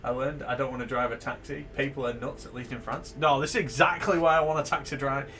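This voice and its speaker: A man's voice: mid-range voice, steady tone, quick pace, bright, forceful tone, a little hiss or hum. A man casually live-streaming a game, thinking aloud, swearing freely and laughing. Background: game music.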